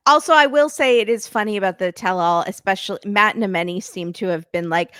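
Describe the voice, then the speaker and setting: A woman's voice: medium pitch, fairly quick, a bit bright, clear, resonant tone, no echo. A woman co-hosting a podcast, giving wry, opinionated commentary on a reality show. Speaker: podcast co-host. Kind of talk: casual recap chat.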